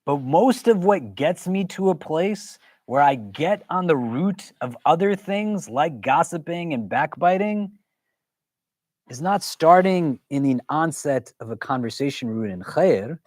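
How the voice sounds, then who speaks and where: Imam teaching a class conversationally. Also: male voice, a little high, very animated, slow pace, darkish tone, no echo. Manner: conversational, questioning the audience. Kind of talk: interactive religious lesson.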